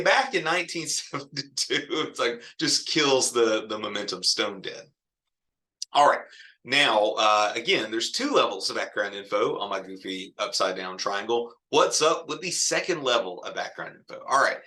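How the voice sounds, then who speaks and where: Male college writing instructor, low, bright-edged voice; casual, wry lecture delivery. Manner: casual, wry, self-deprecating asides. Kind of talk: recorded lecture.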